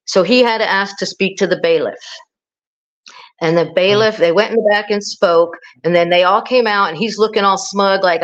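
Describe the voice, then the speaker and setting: A woman's voice: medium pitch, steady tone, moderate pace. A middle-aged woman tells a story as a podcast guest, rambling and restarting as she goes. She acts out other people's words with animation. Her voice sounds slightly dull and lo-fi. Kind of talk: casual storytelling.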